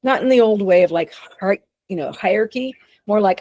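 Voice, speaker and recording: A woman's voice: mid-range voice, normal speed, a little mellow, no echo. A woman with a Texan accent, a dog behavior consultant giving a conversational webinar presentation, often restarting sentences and voicing what dogs think. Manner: conversational, many restarts and acted-out dog thoughts.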